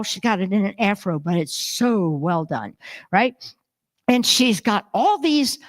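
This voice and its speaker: A woman minister preaching a sermon, telling stories animatedly and acting out the voices of the people in them. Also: mid-range voice. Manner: animated storytelling, acts out voices. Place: church sanctuary.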